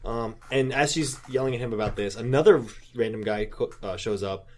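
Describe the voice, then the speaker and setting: Man, podcast co-host, casual chat, retelling a story, profane, middle pitch. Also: a little fast, darkish tone. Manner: loose and profane, acts out quoted lines.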